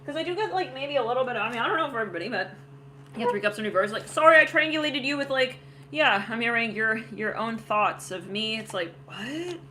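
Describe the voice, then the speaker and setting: Bright-voiced woman rambling through a tarot reading. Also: on the high side, lively intonation, fast talker, a little hiss or hum. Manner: rambling, laughs often, many fillers. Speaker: tarot reader. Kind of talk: casual psychic tarot reading.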